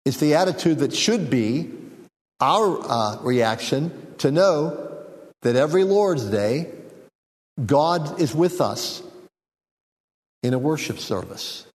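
A man preaching a sermon, teaching in an unhurried, reflective way with frequent fillers and small jokes. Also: on the high side, animated, long reverb tail. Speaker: pastor.

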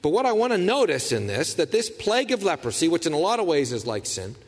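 A man's voice: a little high, sing-song, quick pace. A man in his forties preaching a sermon, his delivery rising and falling as he explains. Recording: reverberant hall.

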